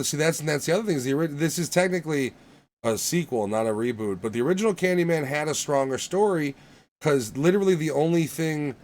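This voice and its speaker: A man's voice: medium pitch, darkish tone. A man co-hosting a podcast, ranting in casual, profane, emphatic chat. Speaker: podcast co-host.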